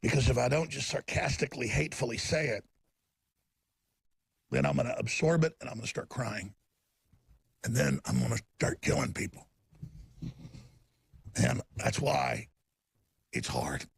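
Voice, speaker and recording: A male talk show host delivering an angry, profane broadcast tirade, shouting often. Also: mid-range voice, lively intonation, moderate pace, vocal fry, pauses often, slightly rough. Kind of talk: ranting broadcast monologue.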